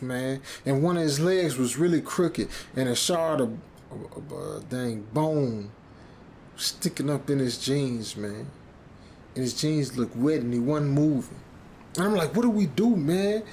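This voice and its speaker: Man, story narration, rambling, stammering, casual, faint background rumble. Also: darkish tone. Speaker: narrator reading a horror story.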